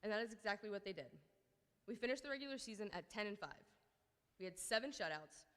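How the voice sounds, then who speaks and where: A woman's voice: medium pitch, lively intonation, fast talker, a bit bright. A woman in her thirties, a girls' team coach, giving an emotional awards ceremony speech with nervous ums and many thanks. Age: 30s. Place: large hall at a school ceremony. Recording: hall reverb from a PA speech.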